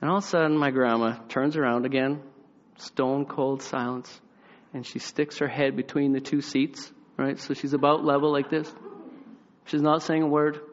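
A young adult man preaching, telling a personal story with animated delivery and acted-out voices, then dropping to a quiet, reflective tone. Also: mid-range voice, moderate pace. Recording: muffled sound in a large reverberant hall.

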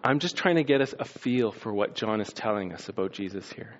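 A man preaching a sermon as a pastor, telling the story with lively acted-out scenes and sound effects. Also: on the low side, fairly quick, lo-fi sound.

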